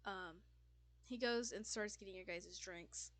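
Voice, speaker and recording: A woman's voice: medium pitch, a little slow, no echo. A woman narrating a tabletop game as game master, casual, with many fillers and self-corrections.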